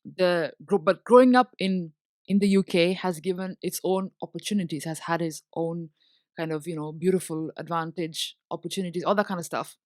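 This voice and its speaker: A woman's voice: lowish voice, moderate pace, a little mellow, no room sound, clean studio sound. A young woman from India, talking reflectively in a casual interview, with frequent fillers. Her English accent switches between Indian and British. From India (Bombay). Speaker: guest.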